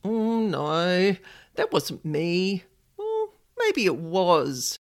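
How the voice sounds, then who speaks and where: A woman voicing a sly, grinning male spirit entity who teases in a lowered, hushed voice. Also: big pitch swings, drawn-out words, no echo, clean studio sound, exaggerated voice. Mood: sly teasing.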